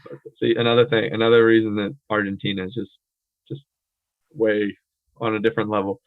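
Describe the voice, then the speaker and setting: A lower-pitched American man chats easily as a podcast co-host, leaning on likes and ums in a fairly monotone delivery. His voice comes through a dry, phone-like line. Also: brisk, dry recording. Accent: American English. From United States. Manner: relaxed, filler-heavy, says he speaks in a monotone. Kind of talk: casual chat.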